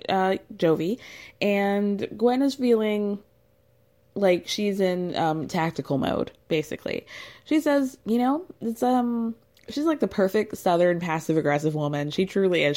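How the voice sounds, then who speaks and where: A woman's voice: mid-range voice, a little mellow. A woman recapping a reality show in a casual, gossipy, chatty way, laughing often.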